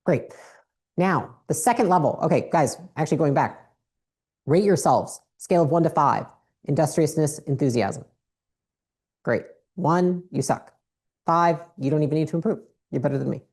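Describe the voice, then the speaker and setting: A woman's voice: sits low, expressive, normal speed, darkish tone, slightly rough. A woman giving a blunt, profane motivational business talk on stage with a handheld mic. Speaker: business speaker.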